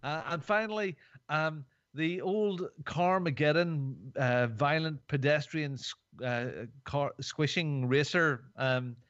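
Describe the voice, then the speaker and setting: A man's voice: on the high side, takes it slowly, fairly bright tone, no room sound. A man hosting a podcast in casual chat, rambling and jokey with lots of fillers. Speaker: podcast host. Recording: dull, dry podcast mic.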